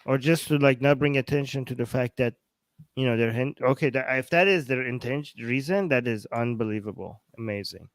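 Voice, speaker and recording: Halting man in casual news chat. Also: medium pitch, no room sound. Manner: halting, restarts often, searches for words. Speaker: co-host of a news commentary show.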